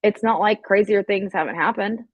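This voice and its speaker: A woman's voice: mid-range voice, moderate pace, no echo. A woman hosting a casual livestream, rambling and swearing as she talks straight to her viewers. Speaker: livestream host. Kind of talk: casual live-stream chat.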